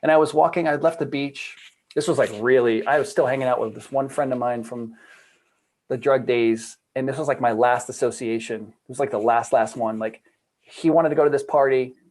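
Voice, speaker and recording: A man, a guest on a video call, telling a personal story in a lively, casual way full of "like" and acted-out quotes. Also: mid-range voice, a little fast, low-quality recording. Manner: animated storyteller, acts out quoted voices, many "like" fillers. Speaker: guest, trauma and addiction coach. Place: home room at a computer.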